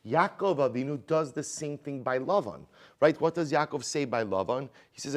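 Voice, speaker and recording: A man teaching a Talmud class as a rabbi, conversational and animated, asking rhetorical questions and mixing in Hebrew and Aramaic terms. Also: mid-range voice, moderate pace. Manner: conversational, many rhetorical "right?" questions and restarts; animated, swings loud and quiet for emphasis.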